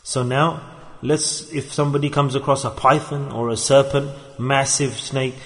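A man's voice: mid-range voice, fairly even intonation, moderate pace. A man giving a sermon in a mosque, telling stories and acting out the voices of the people in them. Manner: storytelling, acts out quoted voices. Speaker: religious teacher. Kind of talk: sermon with acted examples. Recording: long hall reverb.

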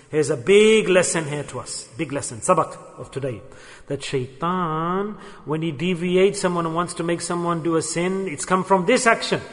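Male preacher, high voice, dramatic storyteller who voices the characters, long reverb. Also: fairly bright tone. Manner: storytelling, acts out quoted speech with sudden pitch and volume swings. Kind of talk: sermon.

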